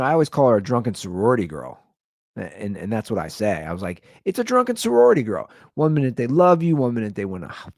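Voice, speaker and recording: A man in his thirties hosting his own podcast, telling stories in a casual comedic rant and jumping into high-pitched quoted voices. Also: darkish tone, no room sound, studio quality. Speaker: podcast host.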